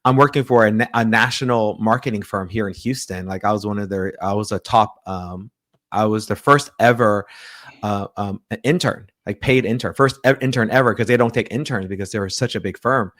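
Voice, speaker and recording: A man telling a personal story in an interview, lively, acting out the people in it and often restarting his sentences. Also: lowish voice, a little fast, dry recording, studio quality. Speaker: pastor, interview guest.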